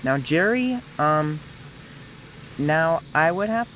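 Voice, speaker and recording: A man's voice: fairly high pitch, expressive, takes it slowly, a bit bright, slight background noise, rough recording. A young man hosting a casting call, talking casually in a rambling, hesitant way with many restarts. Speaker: video host running a casting call.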